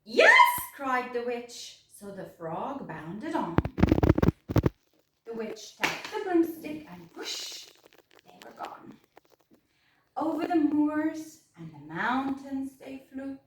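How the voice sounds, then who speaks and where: A woman reads a rhyming picture book aloud in a sing-song, expressive voice. Her pitch is high and leaps about, and she takes her time. The room is very echoey, and she is a little away from the mic. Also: takes it slowly, far from the mic, heavy background noise. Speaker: storyteller.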